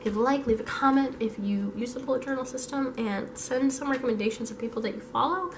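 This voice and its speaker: A hoarse young woman chatting through a casual planning vlog, thinking aloud. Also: fairly high pitch, fast talker, a little hiss or hum. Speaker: vlogger.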